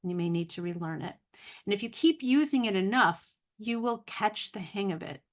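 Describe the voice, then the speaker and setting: A woman's voice: medium pitch, animated, moderate pace. A woman giving a casual video lesson on vocabulary, sounding out long words carefully and correcting herself as she goes. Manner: thinking aloud, self-correcting, laughs at own slips. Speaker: language teacher.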